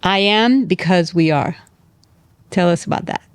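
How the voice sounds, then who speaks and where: A woman with a Spanish accent hosting an interview, eager and quick to affirm her guest. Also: fairly low pitch, smooth, no echo, studio quality. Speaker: podcast host. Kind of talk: casual interview chat.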